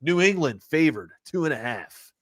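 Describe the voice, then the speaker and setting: A male sports talk host giving betting picks in a loose, excitable, slangy way. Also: a little high, moderate pace, no echo, clean studio sound. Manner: loose and excitable, slangy, says "man" a lot.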